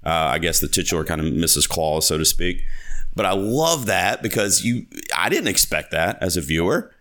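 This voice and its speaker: A man's voice: low-pitched, lively intonation, moderate pace, fairly bright tone. A man hosting a podcast interview, chatting casually and enthusiastically, rambling with lots of fillers and restarts. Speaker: podcast host.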